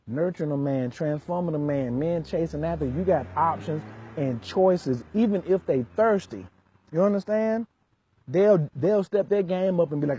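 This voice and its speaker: A man's voice: on the high side, warm tone, breathy edge. A man working as a relationship coach, lecturing hard in an emphatic vlog rant full of street slang.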